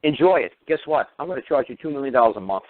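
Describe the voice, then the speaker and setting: On a talk radio show, a fast-talking man with a mid-range, animated voice delivers a ranting lecture that's sarcastic, combative, mocking, and crude. The dry audio is tinny and narrow like a phone line, with no echo or room sound.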